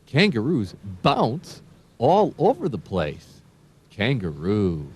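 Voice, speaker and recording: A man narrating for young children in a very slow, sing-song way. His voice sits a little low and swoops up and down a great deal. He spells words out letter by letter as he goes. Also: wildly swooping pitch, slightly rough.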